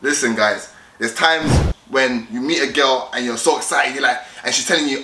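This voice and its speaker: Bright-voiced young man, echoey room. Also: mid-range voice, lively intonation, moderate pace, a little hiss or hum. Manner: direct, repetitive, acts out both sides of chats. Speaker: vlogger giving dating tips. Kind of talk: casual advice vlog.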